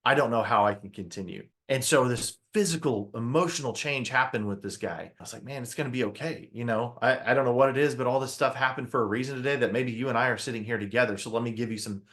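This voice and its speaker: A man in his thirties speaks as a motivational speaker on stage. He tells a story with energy, acts out his own lines, and turns to the audience with questions. His voice sits at an ordinary middle pitch. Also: fast talker, few pauses, a bit bright. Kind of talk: storytelling keynote talk to an audience.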